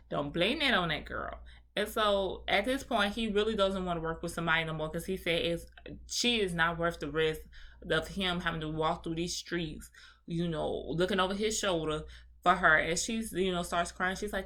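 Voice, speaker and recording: Sassy woman recapping with bright voice. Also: on the low side. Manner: sassy, animated, acts out quotes in voices. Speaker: reality show recapper. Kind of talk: casual recap commentary.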